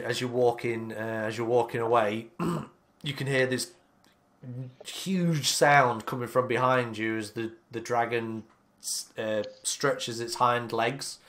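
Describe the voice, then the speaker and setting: Hesitant, slow-talking male game master. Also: medium pitch, a bit bright. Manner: hesitant, full of ums and likes. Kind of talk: narrating a tabletop game.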